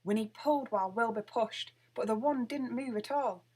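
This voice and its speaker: A woman's voice: a little high, normal speed, breathy edge. Woman reading a children's story. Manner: lively expressive storytelling. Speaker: storybook reader. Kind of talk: reading a children's picture book aloud.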